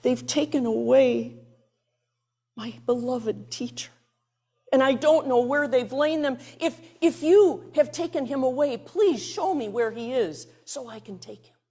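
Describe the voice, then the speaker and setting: A grieving young woman pleads in a high, breathy, halting voice, stumbling over her words and repeating them, as a woman preacher acts her out in a Bible story. She speaks slowly, with a soft, husky edge. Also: exaggerated voice. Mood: pleading, grieving.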